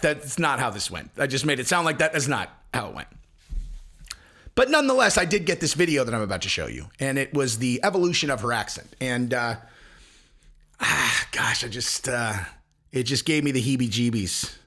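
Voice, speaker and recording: A man's voice: mid-range voice, very animated, a little fast, bright, forceful tone. A man ranting casually to camera as an online commentator, rambling and crude, often cutting himself off mid-sentence. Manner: rambling, crude, self-interrupting. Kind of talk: casual video rant.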